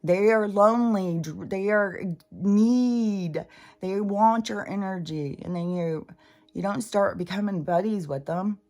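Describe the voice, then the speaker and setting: A woman's voice: mid-range voice, a little slow, a little mellow. An older woman talking in a rambling, profane, casual monologue as a spiritual channeler.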